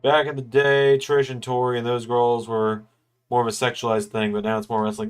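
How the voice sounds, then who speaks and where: A man's voice: medium pitch, flat delivery, normal speed, smooth. A young man hosting a casual livestream from his apartment, chatting loosely while he works and yawning now and then. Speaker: streamer hosting a watch-along.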